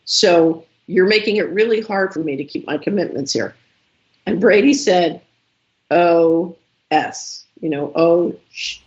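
A woman guest in an interview, telling a long story with lively, acted-out quoted dialogue. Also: fairly low pitch, moderate pace, lo-fi sound. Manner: animated storyteller who acts out quoted dialogue.

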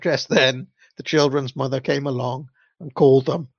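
A man's voice: medium pitch, fairly even intonation, moderate pace, gravelly, no room sound. A man reading a children's story aloud in an unpolished way, with the odd stumble, amused by the text. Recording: dull lo-fi dry recording.

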